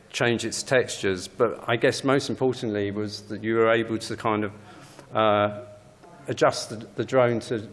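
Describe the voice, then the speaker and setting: A man's voice: lowish voice, a bit bright. A man, a game developer, giving a casual conference talk with many fillers.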